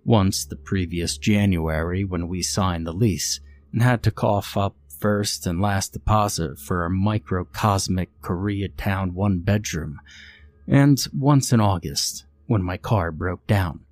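A man narrating a first-person horror story in a measured, bitter tone. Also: low-pitched, darkish tone, dry recording.

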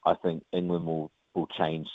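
Deep-voiced Kiwi man on a phone line. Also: moderate pace, no echo. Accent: New Zealand. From New Zealand. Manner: relaxed, many fillers, says mate often. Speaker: professional rugby player. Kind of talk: casual interview. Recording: tinny phone line, dry.

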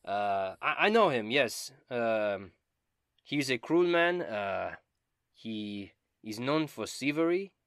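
Pompous bard, put on by a man: formal, scheming, lively, dry close sound. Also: mid-range voice, takes it slowly, clean tone, dry recording, pitched above the performer's own voice, full character voice. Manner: formal, self-important, excitable. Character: scheming male bard, polite and ambitious.

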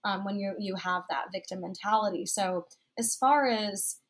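A woman's voice: medium pitch, normal speed. A woman hosting a podcast, asking long, curious questions in a casual way. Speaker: podcast host.

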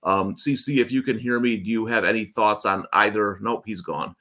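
A man with a fairly low voice hosts a betting show over a video call. He talks in a loose, rambling way, often restarting his sentences as he goes over the games. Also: normal speed, bright, forceful tone. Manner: chatty, rambling, frequent restarts. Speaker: sports betting show host. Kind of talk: casual betting talk on a livestream.

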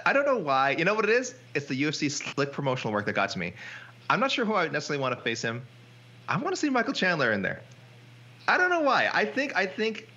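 Brief: male podcast co-host, quick animated banter, bright voice, dull lo-fi recording. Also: medium pitch. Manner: animated, joking, repeats himself. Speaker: MMA reporter and podcast co-host. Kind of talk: casual chat.

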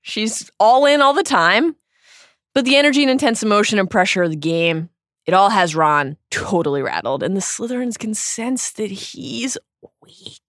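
A woman co-hosting a podcast, reading a wry, animated scripted recap of a book with quick asides. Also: medium pitch, dry recording, studio quality. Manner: animated, wry storytelling with laughs. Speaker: podcast co-host.

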